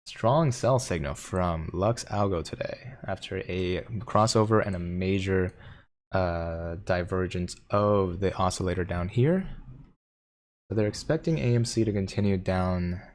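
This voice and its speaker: Low-voiced chatty livestream host. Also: male voice, a little slow. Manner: jokey, chatty, answers viewers' questions. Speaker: stock market livestream host. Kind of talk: casual livestream commentary reading chat.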